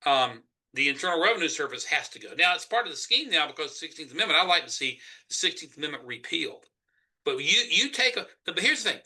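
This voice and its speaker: A man with a Southern US accent, speaking emphatically as a Senate candidate in a political interview. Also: fairly high pitch. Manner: emphatic, forceful argument.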